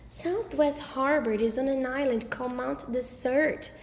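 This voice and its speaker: A woman's voice: sits high, unhurried, slight background noise. A woman voicing a cheerful mother who gushes sweetly. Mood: gushing. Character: cheerful mother, chatty and gushing. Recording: roomy with long reverb.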